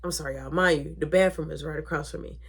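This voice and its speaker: Animated young woman telling a family story. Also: low-pitched, quick pace, gravelly, slightly rough. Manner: animated, acts out quoted voices, drops to whispers. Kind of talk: casual storytime.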